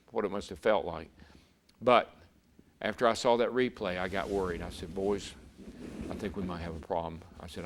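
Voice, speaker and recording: A man, a former racer turned broadcaster, telling a vivid story as an interview guest and often repeating words. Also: lowish voice. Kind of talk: storytelling in a conversation.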